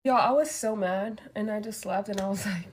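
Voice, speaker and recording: A young woman in her twenties, a beauty vlogger, chats casually while doing her makeup and telling a story, swearing freely. Her mid-range voice runs a little fast with animated, profane storytelling, and there's slight background noise.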